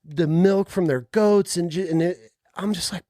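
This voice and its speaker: A man hosting a podcast, telling stories in a relaxed, casual way with some swearing. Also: sits high, normal speed. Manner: relaxed storytelling, swearing, acts out quoted voices. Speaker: podcast host. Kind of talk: casual interview chat.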